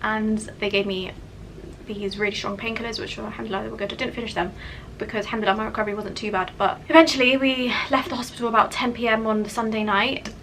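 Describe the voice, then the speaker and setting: Young woman vlogger, bright voice, casual candid storyteller. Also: fairly high pitch, steady tone, fast talker, slight background noise, low-quality recording. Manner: candid, chatty, many "like" fillers.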